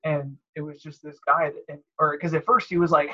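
A man co-hosting a podcast, telling animated stories and mimicking callers. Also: on the high side, brisk, lo-fi sound. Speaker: podcast co-host. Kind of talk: casual chat.

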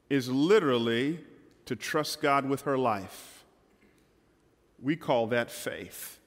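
A man preaching a dramatic sermon from a stage in a church hall, shifting between loud and hushed passages. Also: fairly high pitch. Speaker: pastor.

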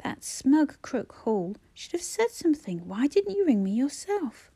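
A frantic brother, his pleas climbing high and breaking toward shouts, as a woman reads him. The tone stays mellow and dark underneath, with wide swings in pitch. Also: sing-song, a little slow, heavily acted. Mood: distressed. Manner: agitated, rising to near-shouts. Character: distraught young man pleading with his dying sister.

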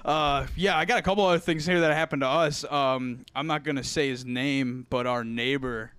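A man's voice: mid-range voice, fairly even intonation, moderate pace, a bit bright, clear, resonant tone, dry recording. A young man telling a story in a casual chat, laughing often, swearing and acting out quotes. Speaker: podcast co-host.

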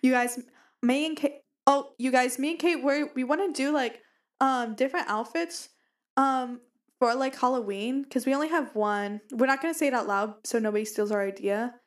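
This young woman has a high-pitched voice and a normal speaking speed. As a podcast co-host she chats casually in a bubbly, wandering style, often saying "you guys" to her listeners, and the sound comes from a studio mic fitted with a pop filter.

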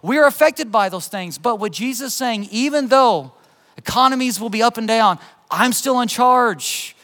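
A man with a high voice delivers an impassioned sermon as pastor. He builds to urgent, pleading questions, then drops to hushed, tender emphasis. The sound carries a long reverb, as in a church sanctuary. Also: lively intonation, moderate pace. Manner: impassioned preaching, rising to urgent appeals and dropping to soft emphasis.

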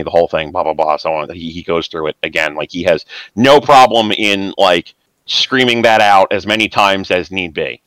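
A man narrating as game master of a tabletop role-playing game, casual and halting, with many restarts. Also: low voice, a bit bright, no room sound, low-quality recording.

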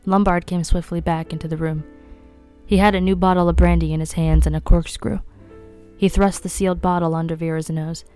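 A woman reading a mystery novel aloud in a measured, even way. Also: fairly low pitch, clear, resonant tone, soft background music. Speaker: audiobook reader.

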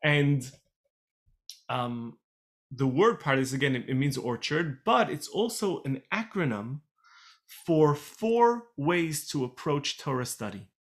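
A man with a fairly high voice leads an online Torah class over a video call. He explains each idea patiently, repeats key phrases for emphasis and drops in chatty asides. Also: big pitch swings, slow. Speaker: Torah teacher.

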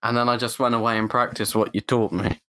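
A man's voice: medium pitch, little pitch movement, fast talker, sharp tone, no room sound. A man co-hosting a podcast in casual chat, giggly and rambling. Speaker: podcast co-host.

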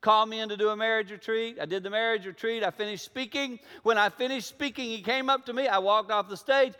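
High-voiced preacher in a reverberant hall. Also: male voice, fairly even intonation, fast talker, few pauses, clean tone. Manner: storytelling, acts out dialogue, swings from hushed to loud. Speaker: pastor. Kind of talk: sermon. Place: church sanctuary.

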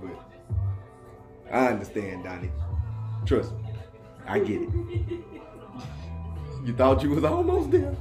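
Animated joking man in a roomy room. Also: mid-range voice, slow pace, pauses often. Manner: animated, joking, slips into playful voices. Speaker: podcast host. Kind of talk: casual chat. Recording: roomy room with music underneath.

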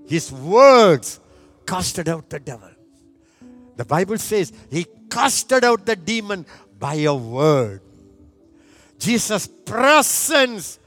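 Preacher man, high voice, slow and fervent, soft music behind. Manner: impassioned, swinging from hushed to loud. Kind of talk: sermon.

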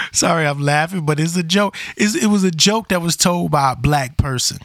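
A man's voice: a little high, normal speed, hardly any pauses, a bit bright, dry recording. A man hosting a podcast, talking bluntly and casually in a rambling opinion monologue, often repeating himself. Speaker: podcast host.

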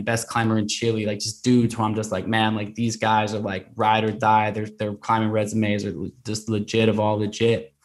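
Man, podcast guest, low pitch, monotone delivery, casual storytelling, filler-heavy. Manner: conversational, many fillers and restarts.

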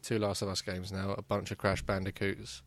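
A man's voice: sits low, monotone, normal speed. A man chatting casually about video games, rambling with many fillers and restarts. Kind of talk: casual gaming chat.

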